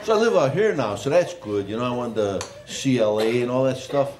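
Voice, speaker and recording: A male stand-up comedian on a club stage, telling a mocking story in an animated way. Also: mid-range voice, brisk. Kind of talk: stand-up set. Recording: noisy echoey club with loud crowd.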